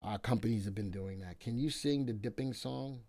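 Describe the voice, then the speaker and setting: Lively man hosting a live stock stream. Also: on the low side, normal speed. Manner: animated, thinks aloud, repeats his own phrases. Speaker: stock market show host.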